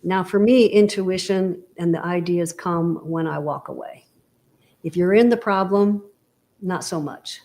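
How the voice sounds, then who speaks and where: Female interview guest, lowish voice, casual and explanatory, checks in often with the listener. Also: measured pace, darkish tone. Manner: explanatory, full of analogies and "you know". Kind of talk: casual motivational conversation.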